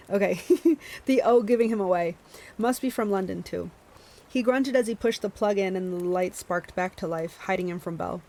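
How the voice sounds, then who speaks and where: A woman's voice: medium pitch, gravelly, darkish tone, poor audio. A woman hosting a book club stream, reading a novel aloud with small stumbles and self-corrections, and chatting to her viewers between passages.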